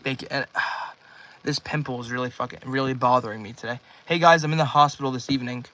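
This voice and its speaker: A man's voice: medium pitch, fairly even intonation, quick pace, pushed and bright, no echo. A nineteen-year-old man livestreaming from his bedroom, rambling casually and thanking viewers by name as he reads out chat.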